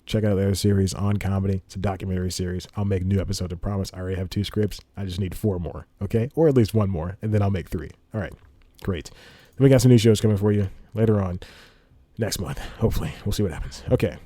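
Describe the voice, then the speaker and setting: Talking quickly in a low, mellow voice, a man hosts a podcast through a studio microphone and headphones. His monologue is rambling and casual, broken up by laughs, and the recording is dry.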